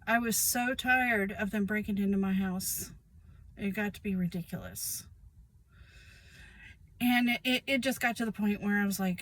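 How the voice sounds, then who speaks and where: A woman's voice: medium pitch, a little slow, pauses often, fairly bright tone, rough recording. A woman, speaking in a casual, emphatic monologue about her own life and repeating phrases for weight. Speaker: vlogger sharing personal experience.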